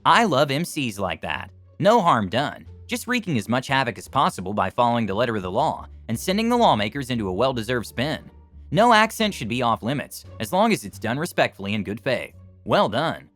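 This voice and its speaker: A man's voice: mid-range voice, big pitch swings, a little fast, a bit bright, soft background music. A man reading reader-submitted stories aloud as scripted narration.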